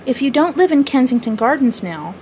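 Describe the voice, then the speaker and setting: Genteel young girl in a storybook reading: eager, breathless, pitched high, voiced by a woman. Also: very animated, fairly quick, darkish tone, a little hiss or hum. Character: admiring, excitable well-bred young girl.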